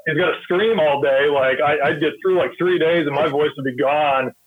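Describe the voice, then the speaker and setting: A man's voice: a little high, moderate pace, a little hiss or hum. A man chatting casually, joking and cursing, on a tinny line. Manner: laughing, profane. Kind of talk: casual chat. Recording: tinny dry phone-like line.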